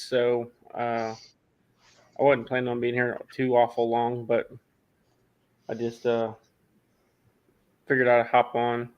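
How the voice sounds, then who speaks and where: A man chatting casually on a livestream, rambling with halting restarts. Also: mid-range voice, lo-fi sound. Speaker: livestream host. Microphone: phone webcam.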